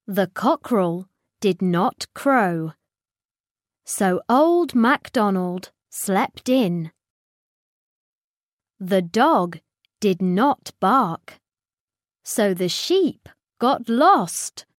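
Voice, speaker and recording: Very slow expressive British woman reading. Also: medium pitch, no room sound, studio quality. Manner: clear, expressive read-aloud. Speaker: storybook narrator. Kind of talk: children's storybook reading.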